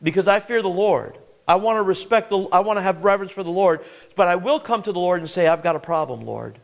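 Earnest preacher man, slightly high voice. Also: quick pace. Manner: earnest, repeats words, asks the congregation questions. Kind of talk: sermon.

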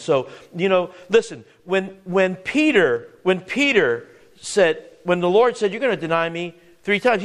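A man's voice: sits high, very animated, a little slow, a bit bright. A man preaching a sermon, earnest and searching, often repeating words and asking the congregation questions.

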